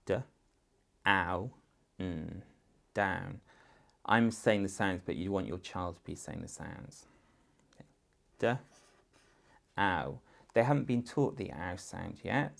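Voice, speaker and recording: Offering instructional guidance to parents, an English-accented man who teaches walks them step by step through a phonics writing task with patience. His voice is low, with vocal fry.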